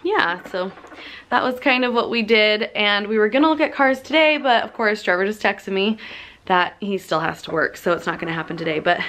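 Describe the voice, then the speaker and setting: A woman's voice: medium pitch, fairly quick, fairly bright tone, slight background noise. A young woman chatting casually to her camera at home, giggly and apologetic as she catches viewers up. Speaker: family vlogger. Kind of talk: casual vlog chat to camera. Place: at home indoors.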